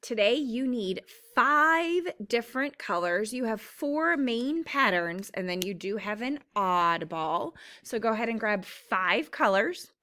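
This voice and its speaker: Slow, patient woman teaching phonics. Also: fairly high pitch, animated, sharp tone. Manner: slow, patient, sounds words out. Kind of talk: phonics lesson.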